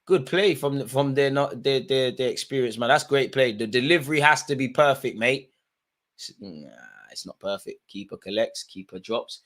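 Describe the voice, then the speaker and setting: A man giving live, slangy watch-along commentary on a football match, jumping from low asides to loud outbursts. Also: moderate pace. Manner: excitable, slangy, swings from mutters to shouts.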